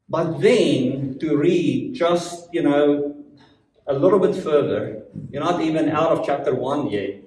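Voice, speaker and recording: A man from Africa with an African accent, teaching a church Bible study in a lively, joking way full of rhetorical questions. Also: high-pitched, unhurried. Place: church meeting room. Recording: echoey room, voice from far off.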